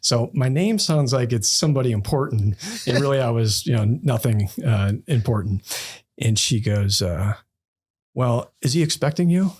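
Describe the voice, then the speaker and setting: A man in his fifties from Northeast Ohio, a bank executive guest on a podcast, telling stories from his life in a relaxed, conversational way with plenty of fillers, acting out the people he quotes. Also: medium pitch, normal speed, breathy edge. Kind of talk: casual storytelling interview.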